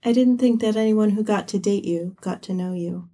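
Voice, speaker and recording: A tearful, lovestruck teenage girl, as a woman puts her on while reading a story. Her voice runs high and a little husky. She gushes between tears. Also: normal speed, warm tone, lightly acted. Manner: tearful, gushing. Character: weepy, lovestruck young woman, teen friend.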